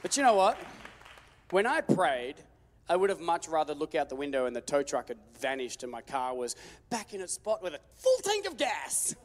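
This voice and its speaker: A man preaching a sermon, telling a story with lively jokes and acted-out voices. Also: a little high, normal speed, some chatter behind. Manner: animated, joking storytelling with acted-out quotes. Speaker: pastor. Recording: long hall reverb.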